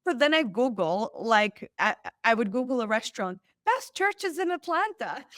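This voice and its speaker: A woman guest on a podcast, telling a personal story with lively acted-out quotes. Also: on the high side, moderate pace, dry recording, clean studio sound. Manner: animated, acts out quoted lines. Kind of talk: storytelling in an interview.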